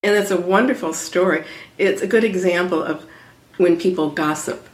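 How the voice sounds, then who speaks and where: A woman spiritual healer, a guest on an interview, explaining ideas in a calm, teaching tone. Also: fairly low pitch, moderate pace. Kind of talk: conversational interview answers. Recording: roomy echo on her audio.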